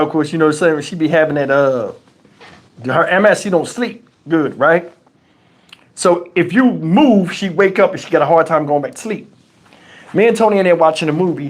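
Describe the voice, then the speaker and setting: A man hosting a live stream, telling stories in an animated, profane, rambling way. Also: fairly high pitch, breathy edge. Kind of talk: casual storytelling on a live stream.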